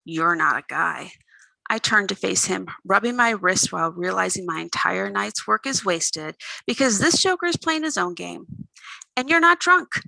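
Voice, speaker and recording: Woman author, gravelly reading voice, very bright, expressive first-person narration. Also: mid-range voice, no echo, low-quality recording. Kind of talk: reading her own novel aloud.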